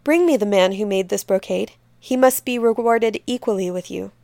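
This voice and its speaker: A woman's voice: mid-range voice, normal speed, vocal fry, no room sound, close to an everyday voice. A woman reading as a proud, commanding young queen. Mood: gracious. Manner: raised, sharp orders.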